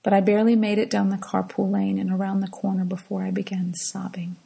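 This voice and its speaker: Middle-aged woman, intensely gravelly and raspy, hushed reflective devotional storyteller. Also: medium pitch, monotone, a little fast, low-quality recording. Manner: soft, hushed, often drops to a whisper. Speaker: mother telling a personal devotional story.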